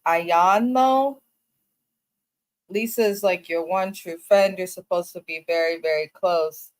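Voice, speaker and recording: A woman's voice: on the low side, slow. A woman co-hosting a reality TV recap, giving firm, opinionated takes in casual talk. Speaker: co-host.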